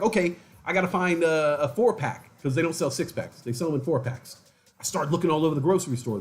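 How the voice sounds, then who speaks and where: A man casually chatting to viewers on a livestream, telling rambling stories and mimicking other people's voices. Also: a little high. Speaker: livestream host.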